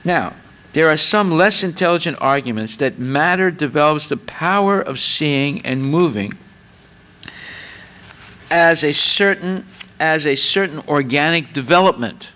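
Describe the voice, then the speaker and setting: A man's voice: on the high side, animated, a little slow, sharp tone. A man giving a spiritual lecture, explaining in a chatty way with many fillers and repeated words, and acting out little scenes with exclamations. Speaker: speaker giving a scripture class.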